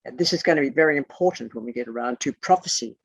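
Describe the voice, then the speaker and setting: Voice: mid-range voice, quick pace, slightly rough, no echo. A teacher leading an online class over a video call, bluntly spelling out terms letter by letter, with the odd swear word.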